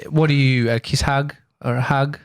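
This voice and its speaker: A man co-hosting a podcast, chatting casually and firing off quick follow-up questions. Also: mid-range voice, fairly even intonation, clear, resonant tone. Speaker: podcast co-host.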